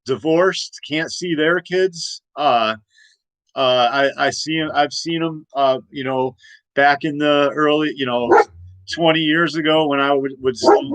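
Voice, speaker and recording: A man's voice: a little high, fairly bright tone, no echo, poor audio. A man ranting in a casual livestream, rambling and emphatic with many restarts. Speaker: livestream host. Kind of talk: casual political rant. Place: home room.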